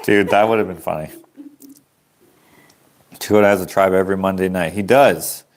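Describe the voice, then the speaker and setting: Low-voiced man chatting casually on a livestream. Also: steady tone, normal speed. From Canada. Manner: rambling, easygoing, chuckles at himself. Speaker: artist selling prints on a livestream.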